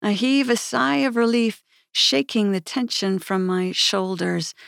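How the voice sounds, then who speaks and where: A woman narrating her own memoir in a measured, earnest storytelling manner. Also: medium pitch, creaky, a bit bright, no echo, clean studio sound.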